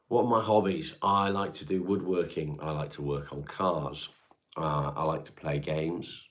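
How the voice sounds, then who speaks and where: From his home, a Devon-accented Englishman in middle age answers viewers on a livestream, chatting casually and bluntly and cursing freely as he reads the chat. His very deep voice is a bit bright, with fairly even intonation and a measured pace.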